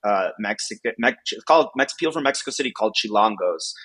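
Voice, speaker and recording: A man's voice: lowish voice, lively intonation, fast, a bit bright, husky, rough recording. A man from the United States, a podcast guest, chatting casually and rambling with lots of "like" fillers. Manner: rambling, heavy use of "like" fillers.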